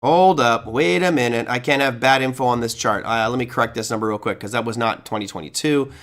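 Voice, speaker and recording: A man's voice: mid-range voice, brisk, a bit bright. A man hosting a finance show, giving sarcastic, emphatic opinionated commentary. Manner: sarcastic, emphatic, reads along from notes.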